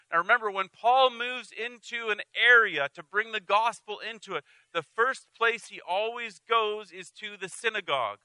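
A man's voice: sits high, normal speed, hardly any pauses, pushed and bright, clean tone, no room sound, low-quality recording. A man as pastor preaching an earnest, conversational sermon with frequent restarts and asides.

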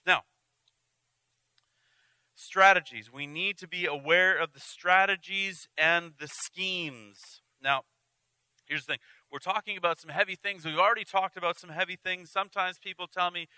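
A man's voice: high voice, normal speed, sharp tone, smooth, no room sound, poor audio. A man as pastor preaching an earnest, conversational sermon with frequent restarts and asides.

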